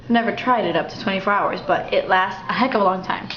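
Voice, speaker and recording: A young woman walking through a makeup tutorial in a chatty, relaxed way at home. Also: medium pitch, fast talker, slight background noise. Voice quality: chatty, relaxed, thinking aloud. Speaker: beauty vlogger. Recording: dull, slightly roomy home recording.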